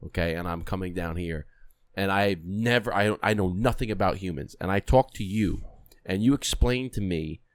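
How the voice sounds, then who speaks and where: A man's voice: sits low, normal speed, no echo, studio quality. A young man co-hosting a podcast, ranting bluntly with swearing in casual chat. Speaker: podcast co-host.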